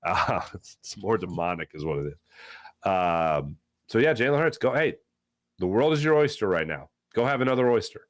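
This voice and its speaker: A man's voice: fairly low pitch, normal speed. Emphatic sports talk host, man. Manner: animated, emphatic, repeats phrases for effect. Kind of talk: casual sports talk show.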